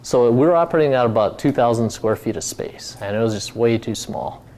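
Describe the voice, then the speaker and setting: A man's voice: mid-range voice, expressive, fairly quick, a little mellow. Rambling man giving a casual talk. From Hawaii. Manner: rambling, many fillers and restarts. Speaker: company founder giving a talk.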